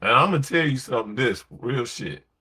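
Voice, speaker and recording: A man's voice: medium pitch, expressive, moderate pace, bright, forceful tone, slightly rough. A man talking on a late-night podcast in a blunt, slangy, emphatic way, telling stories and giving opinions. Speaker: podcast host.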